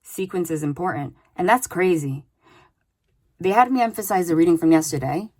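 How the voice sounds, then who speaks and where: A woman's voice: on the low side, moderate pace, dark tone. A woman giving a casual spoken tarot reading, chatty and loose, often adding "like" and "okay?". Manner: chatty, with many "like" and "okay?" tags. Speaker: tarot reader.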